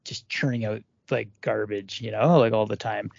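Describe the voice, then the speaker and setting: A man co-hosting a podcast in casual chat, measured and thoughtful with hesitant pauses, recorded dull and dry. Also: on the low side, steady tone, vocal fry, darkish tone, no room sound. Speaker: podcast co-host.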